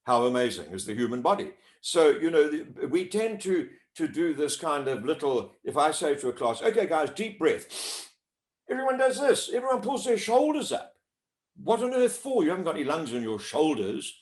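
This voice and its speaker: A man coaches voice warm-ups with a lively, swooping pitch. He talks in an animated, demonstrative way. The room around him rings with echo. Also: normal speed. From South Africa. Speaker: voice-over coach. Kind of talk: explanatory interview talk. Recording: echoey room.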